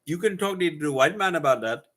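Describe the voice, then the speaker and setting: Sex: man, voiced by a man. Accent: Indian. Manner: dismissive, formal, pitched higher than the speaker's own voice. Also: animated, fairly quick, fairly bright tone.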